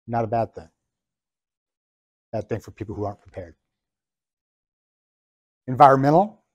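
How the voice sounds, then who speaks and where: A man's voice: mid-range voice, no room sound. Man lecturing in a dry, close sound. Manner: emphatic, deliberate, ticks through points one by one. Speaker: business coach. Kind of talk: lecture to business students.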